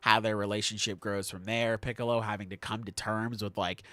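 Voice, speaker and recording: A young adult man hosting a podcast in casual chat, animated, swearing and laughing often. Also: on the low side, brisk, dry recording. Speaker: podcast host.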